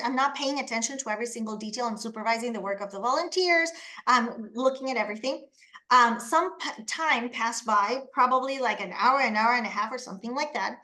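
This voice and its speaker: A woman from Panama, presenting a webinar and telling lively personal anecdotes. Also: high-pitched. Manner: animated storytelling, acts out quoted voices.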